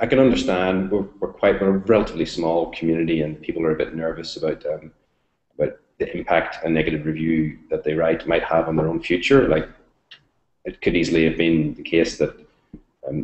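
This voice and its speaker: A man's voice: rumbling low, a little mellow, dull audio. A man, a novelist answering interview questions over a video call, hesitant with many ums and restarts. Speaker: novelist and book reviewer. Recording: roomy echoey video call.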